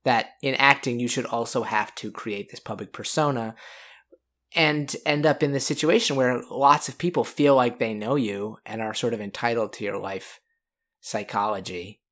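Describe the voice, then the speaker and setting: A man's voice: mid-range voice, a bit bright. A man co-hosting a podcast in casual chat, rambling and self-deprecating. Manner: rambling, self-deprecating, quick to imitate voices. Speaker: podcast co-host.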